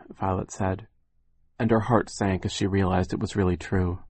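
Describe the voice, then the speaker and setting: Brief: low husky male audiobook narrator, wry and mournful, dry close sound. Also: level tone, moderate pace, a little mellow, no echo.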